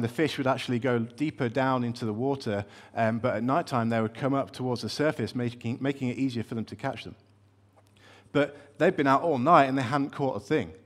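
Man preaching a casual, wry sermon. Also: medium pitch. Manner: conversational, wry storytelling with fillers and restarts.

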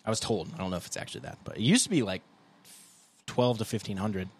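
A young man co-hosting a casual podcast, rambling in a laid-back way and breaking into loud goofy impressions. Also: fairly low pitch, big pitch swings, fast, slight background noise. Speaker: podcast co-host, guitarist. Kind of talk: casual chat.

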